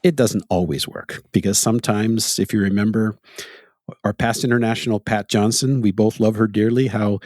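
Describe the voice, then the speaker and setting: A man's voice: fairly low pitch, steady tone, normal speed, darkish tone, no room sound, clean studio sound. A middle-aged Canadian man hosting a podcast, telling stories in a casual, reflective chat and chuckling often. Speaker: podcast host.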